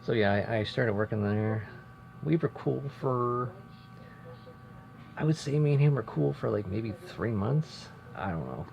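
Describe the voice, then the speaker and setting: A young vlogger rambles casually through a story from his old job, chatty and interrupting himself. His mid-range voice is animated, a little slow, and creaky. The recording is dull and lo-fi, with faint noise.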